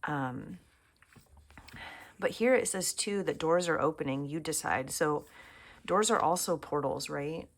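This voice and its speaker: A woman giving a casual tarot reading to camera at home, chatting and musing aloud and often dropping to a soft near-whisper. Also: deep voice, measured pace, gravelly, long pauses. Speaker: tarot reader. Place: home room.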